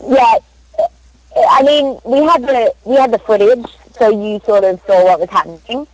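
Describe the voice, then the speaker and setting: A young Australian woman, a voice actress, chatting in an interview and telling stories in an animated, laughing way. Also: fairly high pitch, normal speed, highs cut off. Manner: chatty, animated storyteller who laughs often. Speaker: voice actress guest. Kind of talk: casual interview chat.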